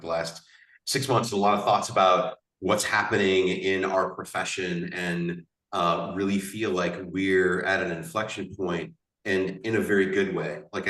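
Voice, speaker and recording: A man with a very deep voice hosts a panel, musing aloud with restarts. He sits back from his mic in a roomy space, and his video-call audio echoes. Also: far from the mic. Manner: relaxed, rambling with restarts. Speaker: panel host. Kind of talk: casual panel hosting.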